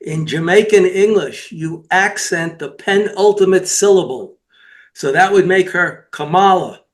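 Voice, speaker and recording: A man with a notably high voice joins in as co-host. He speaks calmly and in an explaining way, in contrast to the heated host. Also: a little slow. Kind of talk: political talk.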